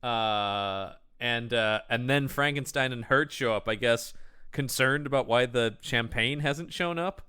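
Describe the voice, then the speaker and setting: Wry man with a bright, crisp voice. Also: medium pitch, measured pace, no echo, studio quality. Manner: wry, quips and acts out characters' lines. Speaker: podcast co-host. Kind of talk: casual movie recap chat.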